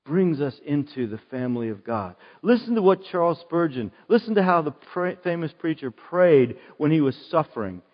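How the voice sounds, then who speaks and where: A middle-aged man preaching a sermon as a pastor, telling a personal story earnestly and moving between emphatic outbursts and soft, prayerful tones. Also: a little high. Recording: dull sound with long hall reverb.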